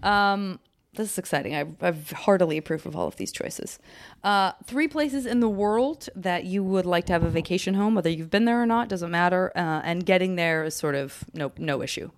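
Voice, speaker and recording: A woman's voice: lowish voice, expressive, a little fast. A woman hosting a podcast, chatting playfully and laughing often as she runs a casual interview game. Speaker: podcast host.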